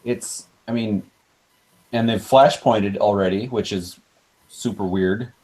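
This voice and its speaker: A man's voice: fairly low pitch, fairly even intonation, slow pace, dark tone. A man hosting a casual podcast chat, talking enthusiastically in bursts with restarts. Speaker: host.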